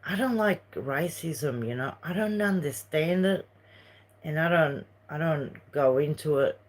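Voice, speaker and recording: Her voice sits low, with a darkish tone and a slightly slow pace. A woman from Uruguay with a Uruguayan Spanish accent, she hosts a casual livestream, rambling across topics and going through viewer messages.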